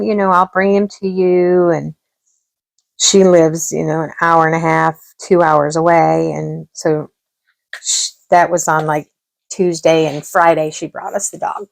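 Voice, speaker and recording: Low, gravelly-voiced woman chatting casually. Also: flat delivery, measured pace, no room sound. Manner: chatty, rambling, with laughs and quoted dialogue. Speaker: craft vlogger. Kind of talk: casual storytelling while crafting.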